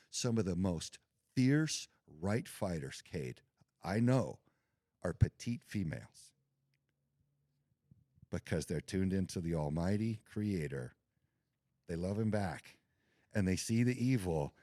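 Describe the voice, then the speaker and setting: A man's voice: low voice, mellow, no echo, studio quality. A man talking as a podcast guest in an earnest, intense way. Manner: earnest, intense, faith-driven. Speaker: podcast guest, military veteran. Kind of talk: casual podcast conversation.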